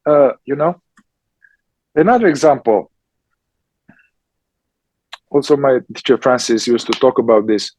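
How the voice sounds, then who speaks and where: A man, a therapist and teacher answering questions in a slow, emphatic conversational way, often checking in with "yeah?". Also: mid-range voice, animated, darkish tone, no room sound, low-quality recording. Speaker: somatic psychotherapist and teacher.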